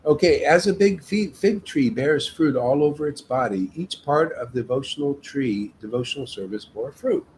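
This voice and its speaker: A man's voice: mid-range voice, lively intonation, moderate pace, hardly any pauses, darkish tone, a little hiss or hum, rough recording. A man leading a devotional meetup, preaching in an emphatic, casual way and often tagging his sentences with "man". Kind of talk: informal devotional sermon.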